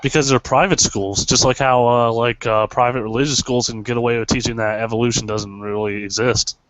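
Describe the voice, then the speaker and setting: A man's voice: mid-range voice, steady tone, brisk, a bit bright, low-quality recording. A man co-hosting a casual podcast chat, joking loosely and stumbling over repeated words. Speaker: podcast co-host.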